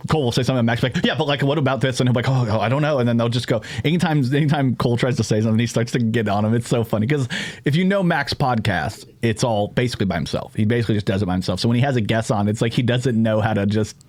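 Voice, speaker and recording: Fast-talking casual male podcast host. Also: medium pitch, a little mellow, no room sound. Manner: rambling, profane, jokey. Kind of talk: casual chat.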